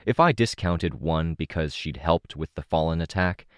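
A man narrating an audiobook in the first person, in a steady, measured reading. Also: rumbling low, clean tone, no room sound, studio quality.

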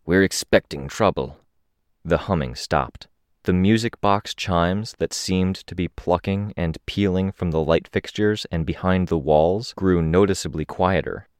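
A man narrating a first-person story in a steady, descriptive reading. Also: deep voice, unhurried, smooth, no room sound, studio quality. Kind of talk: audiobook narration.

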